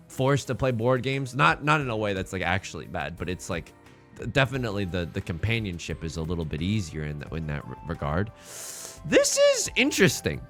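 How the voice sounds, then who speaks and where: A man's voice: medium pitch, fairly bright tone. A young man streaming a tile game, chatting playfully and rambling to his chat as he plays. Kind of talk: casual game streaming commentary.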